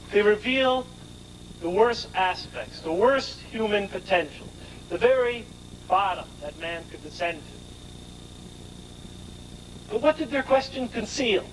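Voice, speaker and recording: A man's voice: sits high, slight background noise, low-quality recording. A man giving a scripture lecture, explaining in an emphatic way and asking rhetorical questions of his listeners.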